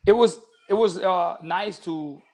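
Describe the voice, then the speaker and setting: A man's voice: high voice, measured pace, darkish tone. A man who co-hosts a podcast as a boxing coach, talking in an easygoing way with many "you know" fillers. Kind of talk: casual podcast chat.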